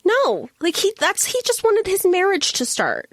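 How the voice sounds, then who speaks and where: A woman co-hosting a podcast in casual chat, animated and swearing, acting out characters' lines as she argues. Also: extremely high pitch, unhurried, no room sound, studio quality. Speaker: podcast co-host.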